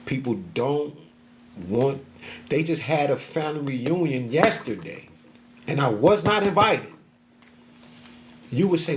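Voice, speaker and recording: A man's voice: a little high, animated, a little slow, pauses often, a little hiss or hum. A middle-aged man venting in a casual, profane monologue, often acting out what other people said to him. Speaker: social media creator.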